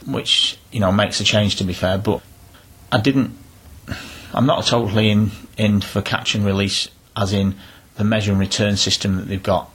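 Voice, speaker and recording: Husky-voiced man, easygoing storyteller. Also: fairly low pitch, steady tone, normal speed, a bit bright. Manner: chatty, down-to-earth, rambling with restarts. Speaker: interviewee, angler. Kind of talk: casual storytelling interview.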